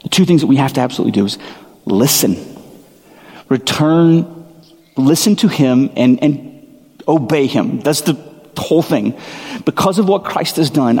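A man's voice: on the high side, darkish tone, slightly rough. A man preaching a sermon as a pastor, earnest and emphatic, often repeating his phrases for weight. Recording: long hall reverb.

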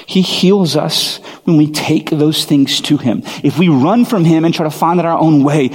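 Husky-voiced pastor preaching in a reverberant hall. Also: male voice, on the high side, a little mellow. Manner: earnest, emphatic preaching with repeated phrases. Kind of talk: sermon.

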